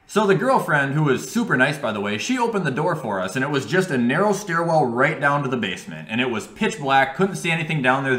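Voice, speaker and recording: A young man vlogging while he plays a game, telling an animated, profane story. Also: a little high. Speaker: gaming vlogger. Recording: echoey room.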